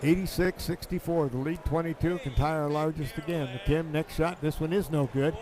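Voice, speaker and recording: A man calling a live basketball game, his voice pitched a little high and rising sharply on made shots. He rattles off plays in quick bursts over clear background noise from the gym broadcast. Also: fairly even intonation, darkish tone. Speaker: play-by-play announcer.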